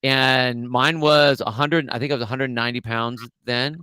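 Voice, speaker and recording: A man's voice: medium pitch, steady tone, normal speed, pushed and bright, clean tone, no echo. A middle-aged man co-hosting a podcast, rambling through an old memory in casual chat with frequent restarts. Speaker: podcast co-host.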